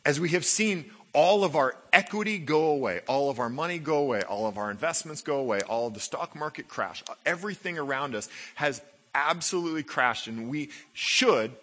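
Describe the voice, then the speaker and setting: Bright-voiced preaching man. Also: normal speed. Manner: animated preaching, rising to loud emphasis then dropping low and quiet. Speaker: pastor. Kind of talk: sermon.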